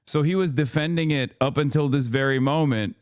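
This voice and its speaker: A man's voice: on the high side, a little fast, no room sound, studio quality. A man hosting a live stream, reacting to clips in heated, blunt, profane and mocking commentary. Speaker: streamer host.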